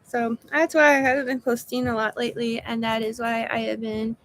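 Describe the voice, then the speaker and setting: A woman's voice: on the high side, flat delivery, a little fast. Weary, drained woman vlogger. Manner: weary, frank, emotional. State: exhausted. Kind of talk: casual personal video update.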